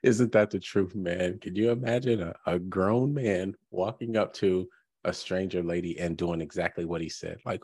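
A man with a very deep voice hosts a podcast in an easygoing, rambling way, full of fillers. The sound is dry and close, with no room echo. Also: normal speed, a little mellow, husky. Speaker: podcast host. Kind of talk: casual reaction commentary.

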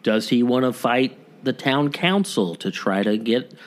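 A man's voice: medium pitch, animated, a little slow. A man co-hosting a podcast, telling stories in casual chat with many fillers. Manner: rambling storyteller, many fillers. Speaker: podcast co-host.

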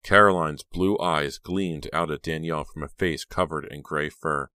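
A man narrating a horror audiobook in a steady, dramatic reading. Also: rumbling low, normal speed, no room sound, clean studio sound.

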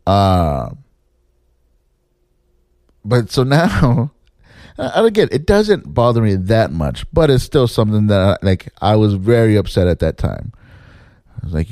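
A man casually telling a story about his theater days, swearing and jumping up in pitch to mimic people. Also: unhurried, long pauses, no room sound, studio quality. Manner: animated, swears, mimics others in pitched-up quotes. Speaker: former assistant stage manager telling a story.

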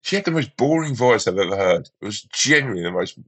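A man telling a rambling anecdote in casual chat. His voice is lowish and a little husky, with a very lively pitch that swoops up and down. The sound is close and dry. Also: fast, no echo. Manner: rambling storyteller, lots of restarts and acted quotes.

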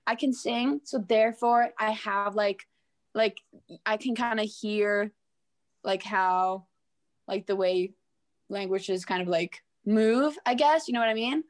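A woman's voice: medium pitch, measured pace, no room sound. A young woman from Norway chatting casually, rambling with lots of fillers and restarts. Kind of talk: casual chat.

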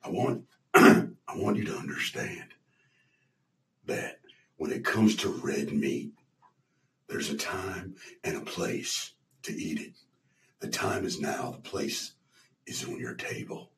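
A man doing an impression of an eccentric celebrity giving a slow, dramatic sales pitch in a low, half-whispered voice. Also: lively intonation, vocal fry, a bit bright, exaggerated voice. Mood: solemn pitch. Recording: roomy, mic at a distance.

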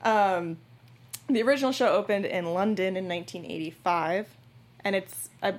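A woman's voice: mid-range voice, moderate pace. A woman co-hosting a podcast, casually sharing background facts and laughing at her own stumbles. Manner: informative, shares trivia, self-deprecating laughs. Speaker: podcast co-host. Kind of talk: casual chat.

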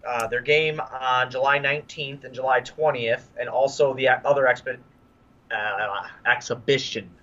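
A man co-hosting a sports podcast, loose and jokey as he talks. His voice is bright and forceful, but the audio sounds dull and lo-fi. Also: mid-range voice, moderate pace. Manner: animated, jokey storyteller. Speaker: podcast co-host. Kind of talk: casual sports podcast chat.

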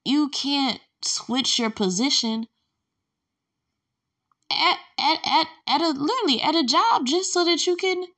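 A woman's voice: sits high, measured pace. A woman telling a long personal story in a casual, rambling way, acting out the back-and-forth with lots of filler words. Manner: rambling, animated, acts out quoted exchanges with filler words.

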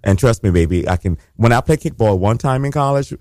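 A man's voice: mid-range voice, animated, brisk, darkish tone, no echo, studio quality. A man co-hosting a casual chat show, talking in a campy, sassy, gossipy way. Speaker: podcast co-host.

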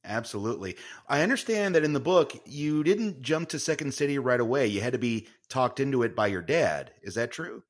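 A man's voice: mid-range voice, expressive, brisk, few pauses. A man hosting a podcast, interviewing a guest with brief questions and encouraging backchannels. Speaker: podcast host.

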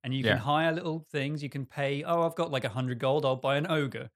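A man hosting a podcast, pitching a game idea in a rambling, self-mocking way and laughing often. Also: a little fast, fairly bright tone. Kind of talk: casual chat.

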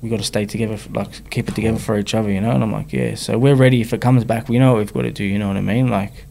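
Rapid-fire and steady, his fairly low voice is creaky yet warm, with a slight hiss or hum in the background. The man is a Sydney rapper being interviewed, candidly relating his personal story in slang and repeatedly checking in with "you know what I mean."

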